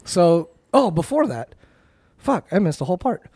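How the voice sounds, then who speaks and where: A man's voice: sits high, very animated, normal speed, darkish tone, no room sound. A man co-hosting a podcast, casually recapping a performance in a rambling storytelling way and acting out the lines. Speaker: podcast co-host.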